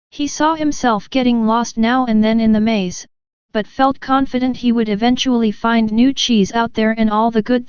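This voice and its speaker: Clear, dry-voiced woman narrating a book. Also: a little high, a little mellow, no room sound. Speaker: audiobook narrator. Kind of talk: scripted narration.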